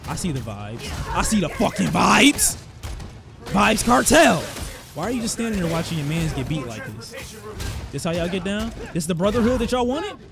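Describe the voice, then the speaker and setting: A young man giving excitable, trash-talking commentary while playing a video game. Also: on the high side, fast, over music. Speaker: gaming streamer. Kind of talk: let's-play commentary. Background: game soundtrack.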